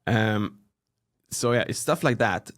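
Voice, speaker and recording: A man from Sweden with a Swedish accent, in his thirties, chatting casually as a guest and acting out people's reactions with big jumps in his voice. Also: slow. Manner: animated storytelling, acts out quoted reactions with big pitch jumps. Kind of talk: casual interview chat.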